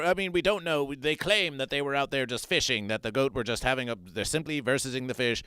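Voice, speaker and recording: A man doing a rambling, repetitive mock-serious news monologue as a comedy streamer, swinging between loud and hushed muttering. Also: mid-range voice, a little fast, few pauses, smooth, no room sound.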